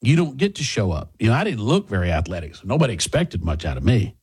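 A man's voice: lowish voice, very animated, fast, darkish tone, slightly rough. A middle-aged man hosting talk radio, delivering a combative opinion monologue full of rhetorical questions.

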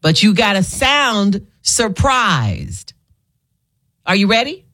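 A woman's voice: mid-range voice, very animated, slow pace, fairly bright tone. A woman hosting a radio call-in, playful and laughing often as she coaches callers through a game. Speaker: radio host. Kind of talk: casual call-in chat.

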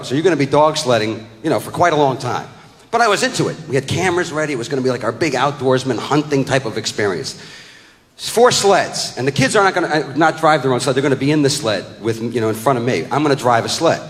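A middle-aged man doing stand-up storytelling with loud, animated exclamations. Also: on the high side. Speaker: stand-up comedian. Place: large hall with audience. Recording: reverberant live hall.

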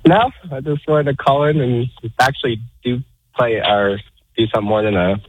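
A man's voice: medium pitch, moderate pace, slightly rough, no echo, low-quality recording. Guy calling into radio, cheeky banter, plain mid voice, dry. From Pennsylvania, USA. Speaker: caller. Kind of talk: casual phone-in chat.

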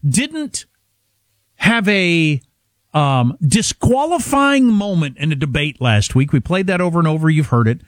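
A man's voice: a little high, big pitch swings, a little slow, no room sound, clean studio sound. A man hosting a political talk show, mocking and opinionated in casual banter.

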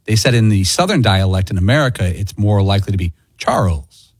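Radio crew guy, lowish husky voice, matter-of-fact, explains stuff. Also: animated, a little fast, no echo, studio quality. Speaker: show crew member. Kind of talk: radio show banter.

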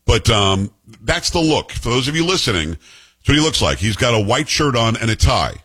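A man's voice: medium pitch, big pitch swings, moderate pace, fairly bright tone, breathy edge. A middle-aged man with a New York Italian-American accent, giving blunt, sarcastic political commentary as host. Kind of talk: opinionated commentary.

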